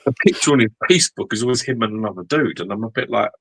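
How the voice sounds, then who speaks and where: A man's voice: on the low side, lively intonation, rapid-fire, fairly bright tone, breathy edge, dry recording. A man co-hosting a podcast in casual chat, blunt and swearing freely. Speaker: podcast co-host.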